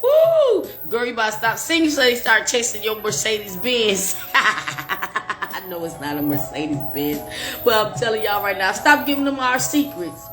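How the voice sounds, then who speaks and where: A woman's voice: mid-range voice, normal speed, bright, forceful tone, faint music behind. A woman hosting a casual live stream, playful and joking, laughing often between lines.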